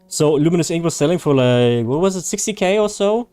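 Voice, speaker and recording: A man's voice: fairly high pitch, animated, fairly quick, dark tone, clear, resonant tone, soft background music. Chatty, laughing male game streamer. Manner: chatty, laughs often, loose and joking. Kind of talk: casual live-stream chat, reading chat.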